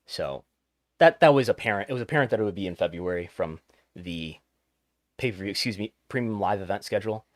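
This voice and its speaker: A man's voice: fairly low pitch, animated, a little fast, no echo, studio quality. A man hosting a podcast, chatting casually about the news with wry, joking asides. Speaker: podcast host.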